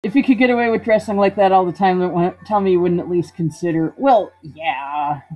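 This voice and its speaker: Playful woman streamer, husky voice. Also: lowish voice, brisk. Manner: playful, reads game text aloud and jokes. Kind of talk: casual let's-play commentary. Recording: dull lo-fi stream audio with game music.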